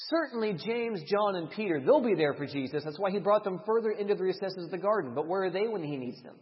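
A man preaching a sermon with dramatic delivery that swings between loud emphasis and hushed lines. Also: high-pitched, animated, fairly quick. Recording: dull, reverberant hall sound.

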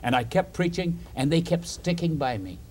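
A man preaching a storytelling sermon, an animated storyteller who chuckles between points and puts questions to his listeners. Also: on the high side, moderate pace, a little hiss or hum.

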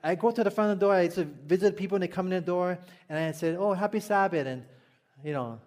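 Here a Hawaiian-accented man from Hawaii delivers a storytelling sermon as a pastor, regularly questioning his congregation and chuckling at his own jokes. He talks fast in a high, slightly mellow voice.

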